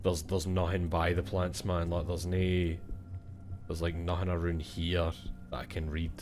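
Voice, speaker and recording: A man's voice: low voice, monotone, a little slow, over music. A young Scottish man playing a video game and thinking aloud in casual, swear-filled commentary. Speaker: gaming streamer.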